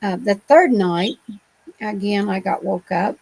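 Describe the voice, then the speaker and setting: A woman's voice: medium pitch, unhurried, vocal fry, darkish tone, low-quality recording. A middle-aged woman from Ohio, a guest on an interview show, telling her own encounters in a rambling, colloquial way with many restarts. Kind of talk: telling personal encounter stories.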